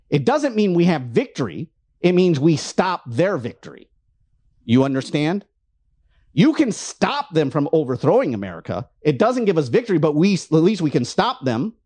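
A man's voice: high voice, a little mellow. Guy ranting hard on his show, preachy and fired up, voice swinging all over. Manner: fervent, preachy, frustrated. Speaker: host. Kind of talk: impassioned political rant.

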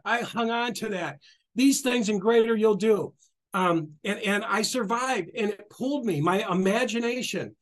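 A middle-aged man giving an animated spiritual talk, repeating phrases, acting out quotes and laughing often. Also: high-pitched. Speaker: spiritual guest speaker.

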